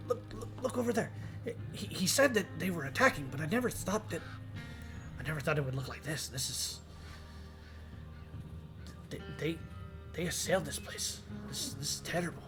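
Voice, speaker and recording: A man's voice: fairly high pitch, animated, moderate pace, pauses often, music in the background. A man doing a stammering, shaken inner companion. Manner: stammering, alarmed. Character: shaken male companion voice in a hero's head.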